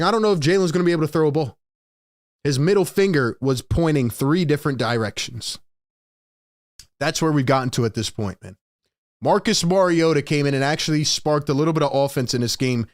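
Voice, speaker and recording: A man's voice: fairly high pitch, a little fast. A young man hosting a live postgame show, ranting in an exasperated, emphatic way and repeating lines for effect. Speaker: sports show host.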